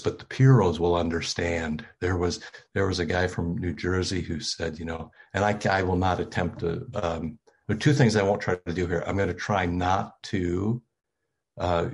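An older man delivers a sermon from the pulpit in a loose, conversational way, full of ums and self-deprecating asides. His voice sits very low and has a husky edge. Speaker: pastor.

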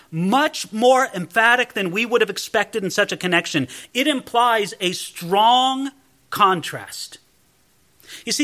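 A man's voice: high voice, sharp tone. A man teaching a verse-by-verse Bible study, explaining emphatically and putting questions to his listeners.

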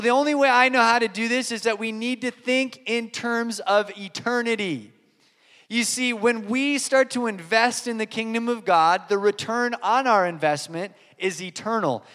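A man's voice: high-pitched, fairly bright tone, in a large hall. A man preaching a sermon, earnest and emphatic, repeating key lines and telling stories. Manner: earnest, emphatic repetition, storytelling. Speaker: pastor.

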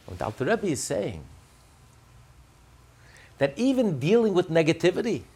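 A man's voice: on the high side, wildly swooping pitch, moderate pace, darkish tone, slightly rough. A man explaining a religious text in a class, emphatic, often repeating and restarting his phrases. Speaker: religious teacher.

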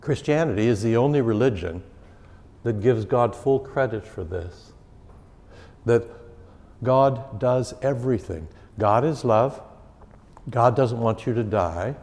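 The speaker is a male pastor teaching catechism informally, in a conversational style that repeats key phrases for emphasis. He talks at a measured pace with frequent pauses, in a mid-range, darkish voice, and the hall gives a long reverb.

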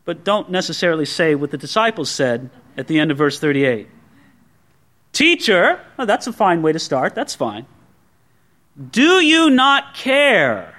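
A pastor preaching a sermon in a conversational way, acting out the quoted speech of others. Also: male voice, on the high side, sing-song, brisk, few pauses.

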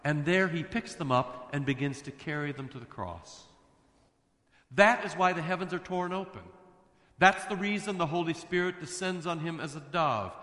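A man's voice: on the high side, normal speed, sharp tone. A man preaching a sermon as a pastor in a church, with emphatic, fervent declarations. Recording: echoey hall reverb.

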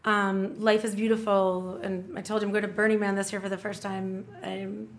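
Chatty middle-aged woman, animated talk. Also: mid-range voice, moderate pace. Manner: chatty, restarts often, enthusiastic. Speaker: guest. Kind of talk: casual podcast conversation.

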